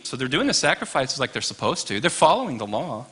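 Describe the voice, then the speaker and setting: A man's voice: medium pitch, big pitch swings, fast talker, few pauses, pushed and bright, breathy edge. A man teaching an informal Bible class, chatty and wry, tossing asides to his listeners.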